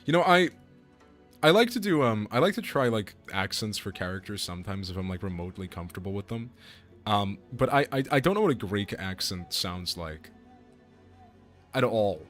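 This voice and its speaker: A young man streaming a game, talking casually in a rambling, excitable way with lots of restarts and swearing. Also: fairly low pitch, moderate pace, soft background music. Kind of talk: casual gameplay commentary.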